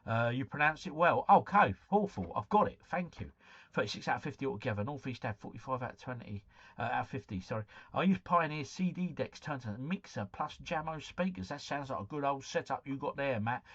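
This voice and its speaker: A man's voice: medium pitch, expressive, brisk, a bit bright, breathy edge, muffled recording. A man hosting a casual live stream, chatting to viewers, reading out quiz scores and breaking into bits of song.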